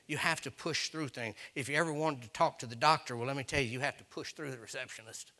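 Speaking quickly in a medium-pitched voice, a male preacher tells folksy stories in his sermon. He plays the people in them and his voice swells into shouting.

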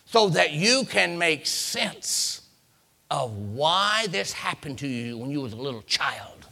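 A man preaching a dramatic sermon in a high voice. His pitch leaps and falls all the time, and the tone is bright and gravelly. He repeats phrases and swings between loud peaks and hushed lows. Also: sing-song, takes it slowly.

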